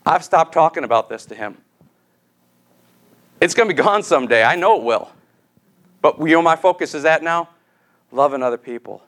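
A man's voice: a little high, lively intonation, moderate pace, long pauses, fairly bright tone. A man preaching a sermon, telling a personal story and leading a prayer in an earnest, pleading way.

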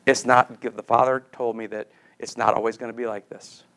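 A man's voice: medium pitch, little pitch movement, normal speed, fairly bright tone. Earnest man preaching a sermon. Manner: earnest, storytelling, pleading. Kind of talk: sermon with prayer.

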